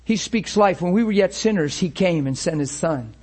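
A man's voice: high voice, lively intonation, normal speed, a little mellow, breathy edge. A man preaching a sermon in an earnest, storytelling way, often repeating words as he goes.

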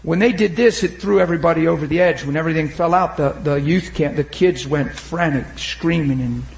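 A man preaching an impassioned sermon, shouting at times and then dropping to a hushed retelling, urging the crowd on. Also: on the high side, a little fast, vocal fry, reverberant, slight background noise. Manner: urges the crowd with repeated calls of "come on".

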